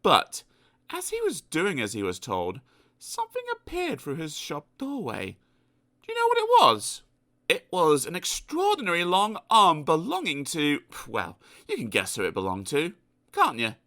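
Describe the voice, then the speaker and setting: A man's voice: fairly high pitch, huge pitch swings, normal speed, pushed and bright. A man narrating a children's storybook aloud with playful asides to the listener. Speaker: audiobook narrator.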